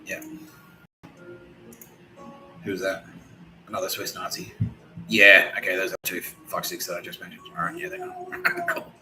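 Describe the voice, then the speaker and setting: A man's voice: sits low, huge pitch swings, a little slow, pauses often, poor audio. A man hosting a podcast in a profane, rambling comedic rant, full of restarts. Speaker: podcast host. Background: music.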